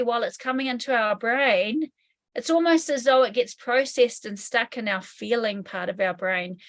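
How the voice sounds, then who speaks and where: A woman with a New Zealand accent talks through trauma as an interview guest, in a somewhat high voice. She speaks frankly and casually, drops swear words, and acts out the voices in people's heads. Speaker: hypnotherapy trainer, guest. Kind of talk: explanatory interview talk.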